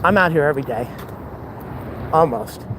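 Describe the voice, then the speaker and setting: A man's voice: fairly high pitch, animated, normal speed. A man chatting casually in a walking vlog, out of breath and overheated, rambling and exclaiming often as he records outdoors near an airport. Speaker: vlogger. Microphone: camera held while walking. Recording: outdoor street noise.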